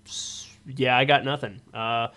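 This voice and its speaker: A man hosting a laid-back gaming podcast, his voice smooth and resonant. He rambles through listener emails with plenty of fillers and restarts, in an easy conversational tone. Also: medium pitch, fairly even intonation, unhurried, pushed and bright. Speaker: podcast host. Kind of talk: casual chat, reading listener emails.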